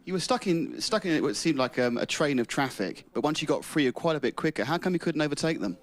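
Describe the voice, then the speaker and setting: A man conducting a post-race podium interview, asking brisk and jokey questions. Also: a little high, animated.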